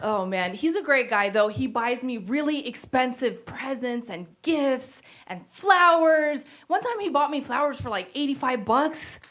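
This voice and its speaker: A woman with a high voice works a stand-up crowd on a stage mic. She talks animatedly, swings into exaggerated quoted voices, and laughs at her own jokes. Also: animated, measured pace. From Pakistan. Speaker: stand-up comedian. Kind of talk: stand-up set. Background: audience laughter.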